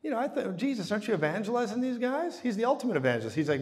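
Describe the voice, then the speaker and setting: Male preacher, fairly high voice, animated storyteller who acts out the dialogue, long hall reverb. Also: rapid-fire. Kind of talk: sermon.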